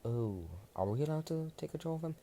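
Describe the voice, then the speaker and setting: A man's voice: a little high, lively intonation, quick pace, warm tone, pitched above the performer's own voice. A man voicing a meek, eager young male hero who stammers and pleads in a fan story. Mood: pleading.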